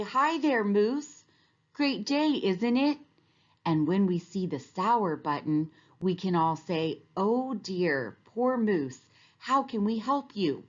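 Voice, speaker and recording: Storybook figure: woman voicing a calm, kind male zebra, unhurried, muffled recording. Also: lowish voice. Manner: friendly, reassuring. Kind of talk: storybook read-aloud.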